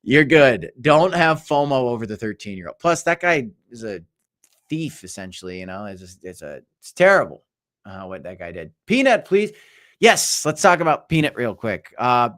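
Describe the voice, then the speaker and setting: A young man hosting a casual crypto livestream, talking in a rambling, animated way that swings between loud and quiet. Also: mid-range voice, moderate pace. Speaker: crypto show host. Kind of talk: casual livestream market chat.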